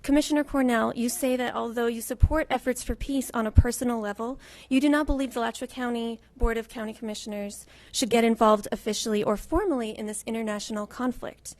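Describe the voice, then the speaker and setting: A woman giving a forceful, pleading public comment at a county commission meeting. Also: a little high, fairly even intonation, fast, few pauses.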